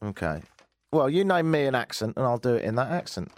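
A man's voice: mid-range voice, very animated, brisk, dry recording, studio quality. A man hosting a radio talk show, talking casually with a wry, sarcastic edge. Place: radio studio. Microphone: studio microphone.

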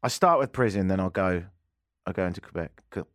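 Speaking fairly quickly in a low, expressive voice with a fairly bright tone, an English-accented radio host from England keeps the casual chat light with joking, self-mocking banter. The recording is dry and studio quality, made with a studio microphone in a radio studio.

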